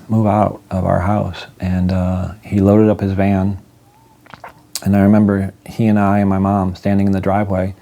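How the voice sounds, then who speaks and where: A man in his forties with a low, mellow voice tells a hard story from his own life. He speaks candidly and reflectively, pausing often and restarting his sentences as he goes. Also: vocal fry. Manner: candid and reflective, halting with fillers. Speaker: vlogger. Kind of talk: personal storytelling to camera.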